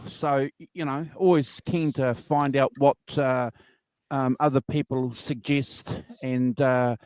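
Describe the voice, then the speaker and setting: A man's voice: mid-range voice, a little mellow, no room sound. Chatty rambling male podcast host. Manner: rambling, filler-heavy, enthusiastic. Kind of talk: casual music review chat. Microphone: video call.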